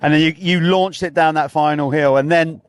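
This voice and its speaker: A man co-commentating on a motocross race, animated and jokey in his analysis. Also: on the high side, normal speed, clean tone. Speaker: co-commentator and pit reporter.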